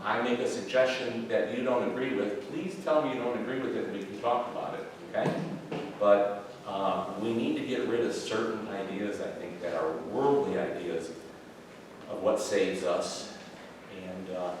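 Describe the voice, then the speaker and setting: A man's voice: on the low side, noisy background. Man teaching in an echoey hall. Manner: conversational, halting, with many fillers and restarts. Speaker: Bible class teacher. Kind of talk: evening Bible class teaching. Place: church classroom. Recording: very echoey room, far from mic.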